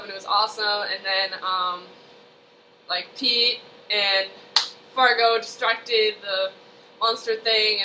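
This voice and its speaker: A young woman vlogging from home into a webcam, her voice high and bright. She rambles through the plot with endless "like"s and "um"s, gushing as she goes. A faint hiss of background noise sits under the recording. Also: rough recording. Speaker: vlogger recapping a TV episode. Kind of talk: casual recap chat.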